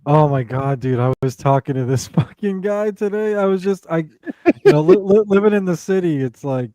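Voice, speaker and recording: A man's voice: high-pitched, expressive, moderate pace, warm tone, dry recording. A man telling a rambling, profane story in casual chat, laughing mid-sentence.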